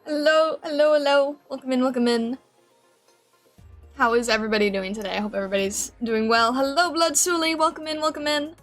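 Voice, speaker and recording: Woman streamer, bright and higher-pitched, bubbly casual chat, faint music underneath. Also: fairly even intonation, brisk. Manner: bubbly, greets chat by name, giggly. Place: home streaming room with a fan. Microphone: desk mic with noise filter.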